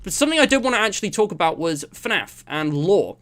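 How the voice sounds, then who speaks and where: A man's voice: sits high, big pitch swings, fast, fairly bright tone. A man from England chatting casually on a live stream, rambling with lots of fillers and self-deprecating asides. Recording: music playing under the voice.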